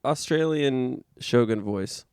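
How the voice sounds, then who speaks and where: Teasing podcast co-host, dry quips. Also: male voice, medium pitch, slow pace, darkish tone, smooth, dry recording. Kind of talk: casual comedic chat.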